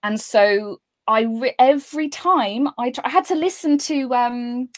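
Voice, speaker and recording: A woman's voice: a little high, a little slow. A woman voice actress and streamer chatting casually as an interview guest, playful and self-deprecating, laughing often.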